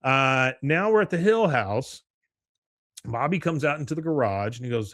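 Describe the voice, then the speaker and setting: A man hosting a podcast, retelling scenes in a lively chat and jumping into higher voices for the characters' lines. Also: normal speed, dry recording, clean studio sound. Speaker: podcast host recapping an episode. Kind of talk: casual chat.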